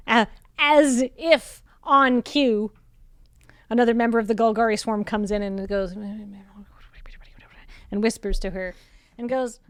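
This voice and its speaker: A woman game master narrating a tabletop game with playful, quick asides. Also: fairly high pitch, fairly even intonation, clean tone, dry recording, clean studio sound.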